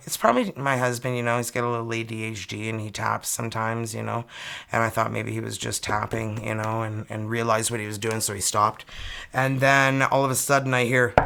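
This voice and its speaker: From her home studio, a Canadian-accented tarot reader tells her viewers a story in a chatty, animated way, filled with "like." Her voice is extremely low and gravelly, and the recording is very noisy.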